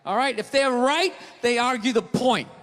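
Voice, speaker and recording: A man doing a stand-up comedy routine on a theater stage, with a loud, profane, ranting delivery. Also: extremely high pitch, moderate pace. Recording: live theater recording with long reverb and crowd laughter. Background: audience laughing and cheering.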